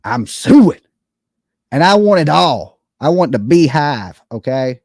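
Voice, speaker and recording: A man with a drawl hosts his own call-in stream and rants in a loose, cocky way, full of swearing and jokes. His voice sits a touch high and sounds dry and close to the mic. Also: big pitch swings, unhurried, no room sound. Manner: boastful, profane, jokey, keeps asking "you know what I'm saying". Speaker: online show host. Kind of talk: casual ranting monologue.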